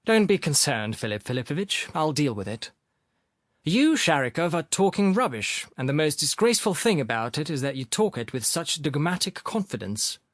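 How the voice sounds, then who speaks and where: A man voicing an energetic young doctor, firm, insistent and lecturing. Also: a little high, moderate pace, dry recording, studio quality.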